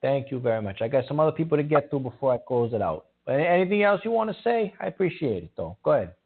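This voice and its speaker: A man's voice: medium pitch, very animated, fast talker, gravelly, slightly rough. A man hosting a call-in show who stammers and gets riled easily. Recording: tinny phone-like sound.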